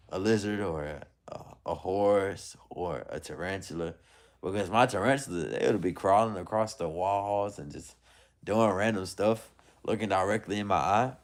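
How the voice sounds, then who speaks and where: A man's voice: deep voice, a little mellow. Chatty young man hosting a livestream. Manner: loose, chatty, rambling, laughs often. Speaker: livestream host. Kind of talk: casual livestream chat reading comments.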